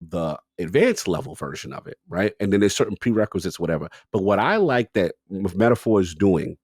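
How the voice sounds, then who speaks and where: A man's voice: deep voice, animated, brisk, darkish tone, husky, no echo, studio quality. A man co-hosting a podcast, telling a gaming story in casual chat and acting out his own reactions. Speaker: podcast co-host.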